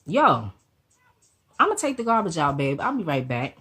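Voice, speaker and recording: A woman voicing her laid-back young boyfriend, casual and slangy, who smooth-talks to reassure. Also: deep voice, sing-song, normal speed, a bit bright, heavily acted. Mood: reassuring.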